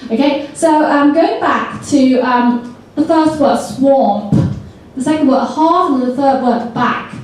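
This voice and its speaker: A woman presents a training seminar to teachers, lively and coaxing as she gets the room to repeat words back. Her voice sits a little high. The recording is taken from a distance in a very echoey hall. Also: slow pace. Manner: lively, coaxes the audience to repeat words aloud.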